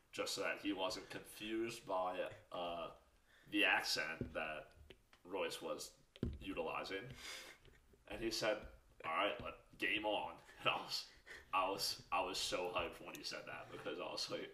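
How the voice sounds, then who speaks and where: A man's voice: sits low, moderate pace, reverberant, a little hiss or hum. A man telling a funny story in casual chat, laughing as he goes. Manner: laughing storyteller, animated retelling.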